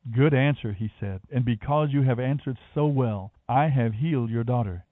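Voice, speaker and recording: Scripture reader, male, measured and expressive, narrow phone-like sound. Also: mid-range voice, no room sound. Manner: measured, expressive reading of dialogue. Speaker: Bible reader. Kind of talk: scripted Bible reading.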